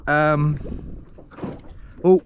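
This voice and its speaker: A man live streaming from a fishing boat outdoors, rambling and excitable, restarting his sentences and cursing mildly, recorded on an action camera. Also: a little high, extremely slow, lo-fi sound, slight background noise. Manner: excitable and scattered, with frequent restarts and mild cursing.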